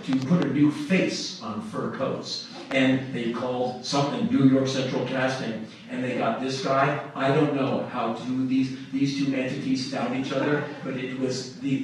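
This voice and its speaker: A man's voice: medium pitch, moderate pace, few pauses. Middle-aged man, live stage storytelling; distant, very roomy, noisy background. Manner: animated, laughs through his telling. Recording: echoey room from far off with noise.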